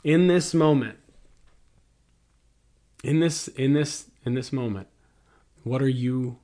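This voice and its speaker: Slow, reflective male pastor preaching. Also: medium pitch, dark tone. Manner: slow, reflective delivery with storytelling asides and rhetorical questions. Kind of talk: sermon.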